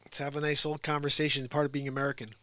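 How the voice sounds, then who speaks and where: A man's voice: on the high side, monotone, racing, sharp tone, dry recording. Rambling jokey man vlogging. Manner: rambling, jokey, drifting off topic. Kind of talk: casual rambling monologue.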